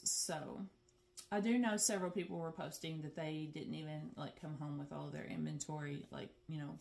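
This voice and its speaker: Lady in her middle years chatting on her stitching vlog, lots of laughs, kinda low voice. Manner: chatty and animated, laughs often, says "girl" and "y'all". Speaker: flosstube host.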